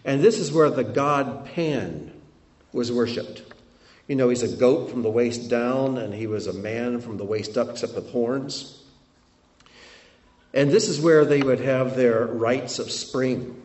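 A man giving a sermon while showing travel photos, telling it in an animated way that swings between loud and hushed. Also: medium pitch, measured pace, roomy sound. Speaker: preacher.

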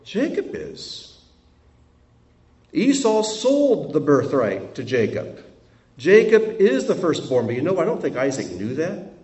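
Male Bible teacher with an animated, rising-and-falling delivery, heard in a roomy space from a mic some distance off. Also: on the high side, measured pace. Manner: reads verses aloud with expressive asides. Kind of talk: scripture teaching.

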